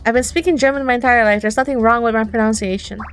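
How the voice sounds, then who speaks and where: A woman's voice: on the high side, steady tone, fast, soft background music, natural voice. A woman voicing a cold, cruel witch aunt in a visual novel, talking down with menace. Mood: impatient.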